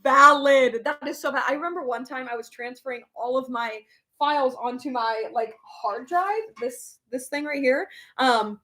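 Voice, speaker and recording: Young woman, casual live chat host, rambling, lots of fillers and laughs, a touch high-pitched. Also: moderate pace, fairly bright tone. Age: young adult. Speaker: livestream host reading comments.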